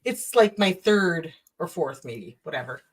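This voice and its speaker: A woman's voice: on the low side, sing-song, measured pace, husky. Joking Minnesota woman hosting a stream. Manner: joking, laughing, swearing freely. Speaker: livestream host. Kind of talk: casual late-night chat. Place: at home.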